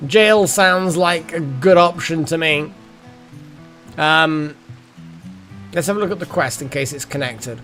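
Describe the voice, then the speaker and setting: Slow, musing male game streamer. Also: on the high side, fairly bright tone, faint music behind. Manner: thinks aloud, muttering, wry asides. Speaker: gaming streamer. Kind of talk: live gameplay commentary.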